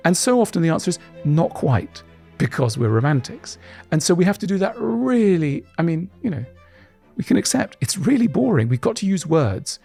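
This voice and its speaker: A middle-aged man talks through his ideas in an interview, his pitch swinging widely as he goes. His voice is husky and a little breathy. Faint music plays underneath. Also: normal speed. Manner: animated, acts out voices in quotes. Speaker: guest author. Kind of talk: interview answers.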